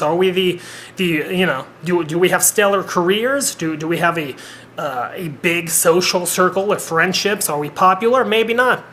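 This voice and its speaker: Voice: medium pitch, animated, moderate pace, a bit bright, a little hiss or hum. A vlogger in their thirties talking straight to a home camera in an earnest, rambling way, with blunt swearing. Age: 30s. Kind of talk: personal vlog monologue.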